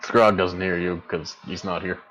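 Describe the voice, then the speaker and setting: A man with a very low voice runs a tabletop game and narrates the scene. He rambles, often stopping mid-sentence to hunt for the right word. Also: steady tone, moderate pace, a bit bright, muffled recording. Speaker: game master.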